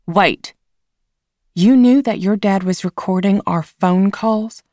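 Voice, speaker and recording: A woman voicing a gentle, weary middle-aged mother who speaks softly and earnestly in a storybook reading. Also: mid-range voice, takes it slowly, dry recording, studio quality, close to an everyday voice.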